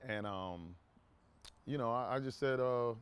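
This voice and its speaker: Man, casual storyteller, rambling, lots of asides, mid-pitched voice, dry close sound. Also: unhurried, clear, resonant tone, no room sound. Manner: rambling, with many restarts and asides; acts out quoted dialogue in a raised voice. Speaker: vlogger telling a personal story.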